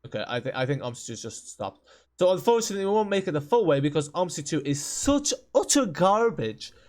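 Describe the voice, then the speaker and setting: Fairly high-pitched, very animated and a little fast, with a darkish tone, this game channel host rants in exasperation at a buggy simulator. He stammers and repeats himself throughout the gameplay commentary.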